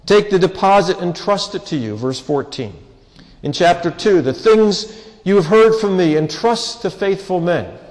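A man preaching a sermon with earnest, pleading emphasis and drawn-out pauses. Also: high voice, animated, darkish tone. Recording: long hall reverb.

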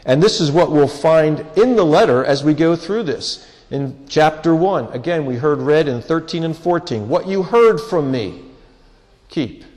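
A man preaching a sermon with earnest, pleading emphasis and drawn-out pauses. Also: on the high side, animated, darkish tone. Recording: long hall reverb.

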